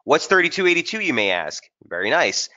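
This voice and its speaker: A man's voice: a little high, very animated, a little fast, bright, forceful tone, muffled recording. A man hosting a live trading webinar, talking casually and energetically straight to his viewers as he walks through market analysis over charts.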